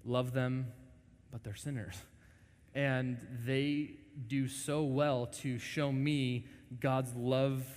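A man in his twenties preaching a lively, joking sermon to a congregation, often acting out quoted voices. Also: mid-range voice. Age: 20s. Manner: animated, jokey, acts out quoted voices. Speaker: pastor. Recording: long reverb of a large hall.

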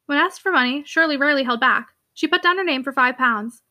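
A woman's voice: high-pitched, fairly quick, bright, forceful tone, no echo, studio quality. A young woman reading a classic novel aloud, then chatting eagerly about the chapters with plenty of fillers. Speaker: audiobook reader and book commentator.

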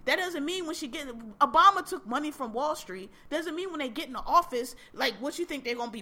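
Blunt, fired-up woman with a bright, high voice. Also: animated, fairly quick, hardly any pauses. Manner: blunt, exasperated, profane, many restarts. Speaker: podcast host. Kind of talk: casual political rant.

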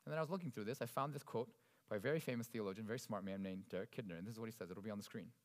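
A man preaching a sermon in an expressive, conversational way, swinging between loud emphasis and quiet asides. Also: on the low side, racing. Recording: long reverb of a large hall.

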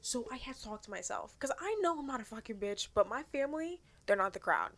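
A young woman talking fast and animatedly in a casual podcast chat, swearing often. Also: a little high, animated, vocal fry, a bit bright. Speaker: podcast co-host.

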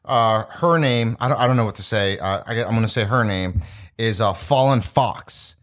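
A man's voice: lowish voice, a little fast, fairly bright tone. Rambling, blunt man co-hosting a comedy podcast. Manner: rambling, blunt, swears freely, laughs often. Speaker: podcast co-host. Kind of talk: casual comedy podcast chat.

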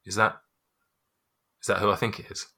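A man voicing a flustered middle-aged male shopkeeper in a tabletop game, talking in a hurried, high-pitched way. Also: little pitch movement, bright, forceful tone, slightly rough, full character voice.

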